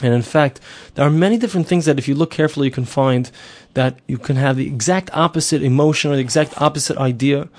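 A man's voice: mid-range voice, fast talker, few pauses, darkish tone. A middle-aged man giving a spoken Torah lesson, explaining earnestly, repeating himself and asking rhetorical questions. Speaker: Torah teacher.

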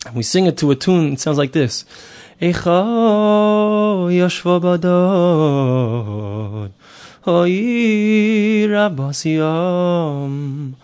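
A middle-aged man teaches a Torah lesson in a somewhat high voice. He explains earnestly, circling back over his points and posing rhetorical questions as he goes. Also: a little mellow.

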